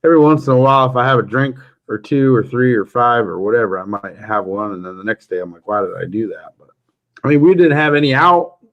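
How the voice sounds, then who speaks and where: A man's voice: mid-range voice, quick pace, lo-fi sound. A man hosting a casual livestream chat, telling jokey stories and chuckling often. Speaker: livestream host.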